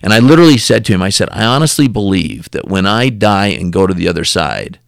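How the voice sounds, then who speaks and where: A low-pitched man tells a story as a podcast guest and acts out each person's lines with lively shifts. He repeats and restarts words as he goes. The recording is dry and close, with no room sound. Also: quick pace, vocal fry, no room sound. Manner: animated storyteller acting out quoted dialogue.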